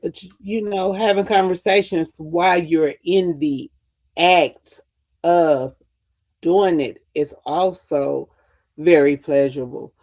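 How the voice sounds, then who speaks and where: A woman's voice: fairly low pitch, slow pace. A woman co-hosting a podcast, talking frankly in casual chat. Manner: frank, animated, acts out quotes. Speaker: podcast co-host.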